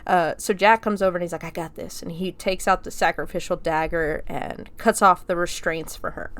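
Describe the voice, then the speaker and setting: A woman's voice: fairly low pitch, clear, resonant tone. A woman hosting a podcast, casually recapping a movie scene by scene, chatty and swearing freely as she acts out the quotes. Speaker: podcast host.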